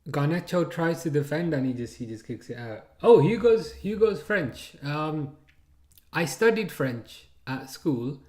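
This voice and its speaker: A man's voice: a little high, animated, a little slow, darkish tone, roomy sound. A man in his thirties hosting a live football watchalong, chatting, laughing and reading out viewer comments. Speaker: watchalong streamer.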